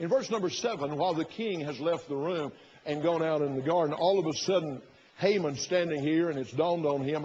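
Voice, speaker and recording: A man's voice: on the high side, brisk, darkish tone, slight background noise. Folksy preacher man, lo-fi sermon. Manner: folksy, retells the story with quoted inner thoughts. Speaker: pastor.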